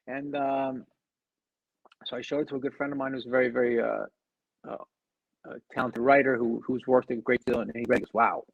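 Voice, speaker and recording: A middle-aged man telling a personal story as an interview guest, animated, acting out the people he quotes and often restarting his sentences. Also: medium pitch, a little fast, vocal fry, long pauses, no room sound, phone-quality sound. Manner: animated, acts out quoted dialogue, frequent restarts.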